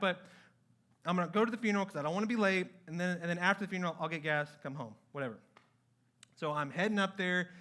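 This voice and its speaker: A man preaching a sermon in a church, telling a story in a lively way and acting out his own past words. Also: high-pitched, clean tone. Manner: animated storytelling with acted-out quotes. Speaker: pastor. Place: church sanctuary.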